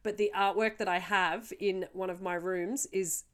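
A woman's voice: mid-range voice, steady tone, moderate pace. A woman co-hosting a podcast in casual chat, enthusiastic and chatty, full of "you know" and "like". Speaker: podcast co-host.

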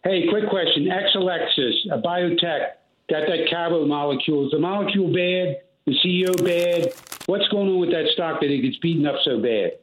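A man with a Pennsylvania accent calling into a show, friendly and direct as he asks a quick question. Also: fairly high pitch. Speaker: caller. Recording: tinny echoey phone line.

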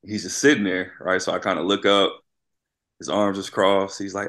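This man once played college basketball and now coaches high school, and he tells stories in a casual interview at a moderate pace. He's an animated storyteller who keeps asking "right?"

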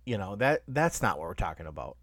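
A man co-hosting and editing a podcast, easygoing and quick to agree with his partner. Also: deep voice, sing-song, a bit bright, no echo, clean studio sound. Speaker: podcast co-host and editor. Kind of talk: casual podcast chat.

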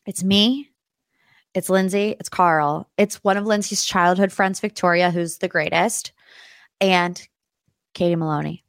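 A young woman hosting a podcast, telling a story in a casual way and acting out quotes in high, excited voices. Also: measured pace, dry recording, clean studio sound. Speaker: podcast host.

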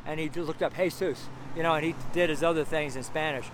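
A man's voice: on the high side, steady tone, fast talker, noisy background. A man giving a street sermon and prayer, preaching emphatically with lots of repetition and fillers.

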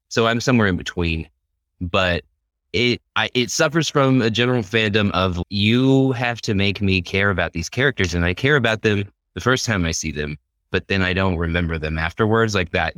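A man's voice: deep voice, a bit bright, no room sound. A man co-hosting a podcast, giving thoughtful, rambling opinions about a movie in casual chat. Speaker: podcast co-host.

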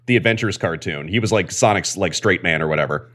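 Low-voiced man rambling about comics. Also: quick pace, sharp tone. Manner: rambling, enthusiastic explainer. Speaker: podcast guest, comics expert. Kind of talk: casual podcast chat.

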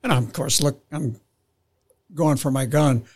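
A man's voice: medium pitch, measured pace, darkish tone, breathy edge. A man who works as a police officer telling a casual story on a podcast, rambling a bit and restarting his sentences.

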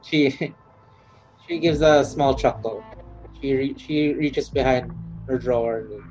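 Mellow-voiced man running a tabletop game. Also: medium pitch, slow. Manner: hesitant, many ums. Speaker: game master. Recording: dull lo-fi sound with faint music.

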